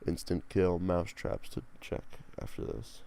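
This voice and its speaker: A young man from Pennsylvania rambles through a solo podcast, cursing freely. His voice sits very low with a gravelly, dark edge. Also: level tone, unhurried. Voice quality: profane, rambling, grumbling. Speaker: podcast host. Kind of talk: casual solo podcast monologue.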